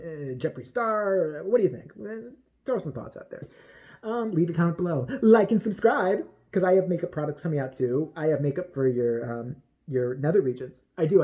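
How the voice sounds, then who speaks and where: A woman's voice: low voice, dark tone. A woman vlogger giving a blunt, profane gossip commentary.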